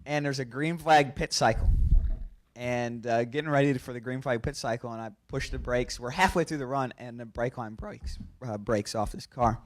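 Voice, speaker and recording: A man holds the floor at a press conference and spins an animated racing anecdote. His voice sits at an ordinary middle pitch. He laughs as he goes and trips into quick restarts. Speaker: race car driver at a press conference.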